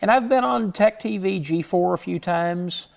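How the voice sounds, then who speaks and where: Gravelly man with a slight Southern twang. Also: sits high. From Houston, Texas. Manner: measured, halting with restarts, dry humor. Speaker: interview guest, computer consultant. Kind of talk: casual interview chat.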